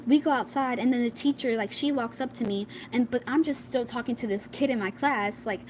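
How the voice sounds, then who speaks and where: A woman's voice: on the high side, fairly quick, a little mellow, a little hiss or hum, rough recording. A young girl telling a school drama story in a casual, rambling way, full of fillers, acting out what her classmates said. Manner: rambling, many "like"s, acts out quoted classmates. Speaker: vlogger.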